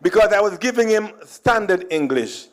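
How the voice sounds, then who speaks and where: A man's voice: high-pitched, expressive, moderate pace. A middle-aged Jamaican man with a Jamaican accent, giving a comic storytelling speech at a conference and slipping between Creole and standard English while chuckling at his own jokes. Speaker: conference speaker.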